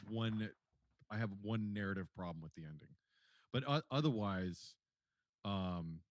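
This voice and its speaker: A man's voice: lowish voice, expressive, unhurried. A man co-hosting a podcast, gushing about a TV show, swearing freely and stumbling over restarts. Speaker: podcast co-host. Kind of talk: casual chat.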